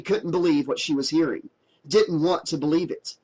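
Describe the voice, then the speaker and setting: A man's voice: a little high, normal speed, darkish tone, breathy edge, poor audio. Man reading a horror novel aloud. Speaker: audiobook narrator.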